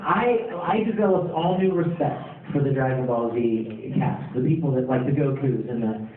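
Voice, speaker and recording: A man on a convention panel, telling lively stories and acting out quotes and yells for the audience. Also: mid-range voice, moderate pace. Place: large convention hall. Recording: echoey, tinny, from far, noisy crowd. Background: crowd noise.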